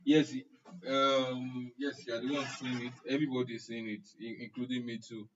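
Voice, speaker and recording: A man's voice: mid-range voice, little pitch movement, moderate pace, a bit bright, slight background noise. A young Nigerian man teaching an online class, chatting and joking as he answers his audience's comments by name. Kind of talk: casual chat with a live-stream audience. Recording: muffled, distant live-stream audio.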